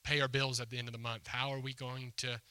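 A pastor in a church hall preaches a sermon to his congregation, retelling a story and voicing its lines with conversational emphasis. His medium-pitched voice is strikingly bright and forceful, level in tone, quick and smooth. The sound is close and dry, with little room echo.

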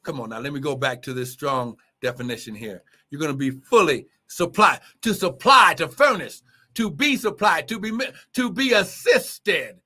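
Fervent high-voiced male preacher. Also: expressive, normal speed, sharp tone. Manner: fervent, exclaiming, repeating phrases. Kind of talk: livestreamed sermon.

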